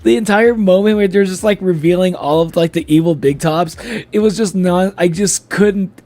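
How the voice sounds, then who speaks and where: A man's voice: fairly high pitch, a little mellow. A man streaming live in casual chat, a little tipsy from drinking, who laughs often and swears freely.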